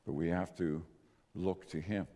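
A man's voice: low-pitched, fairly even intonation, measured pace, mellow. Earnest preaching man in a reverberant hall. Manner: earnest, emphatic preaching with rises and drops. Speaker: pastor. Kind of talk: sermon.

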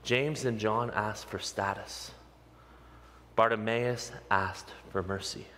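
A male pastor preaching a sermon with passion, leaning on slow, emphatic repeated lines. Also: lowish voice, steady tone, pushed and bright, slight background noise. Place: church sanctuary. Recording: long reverb of a large hall.

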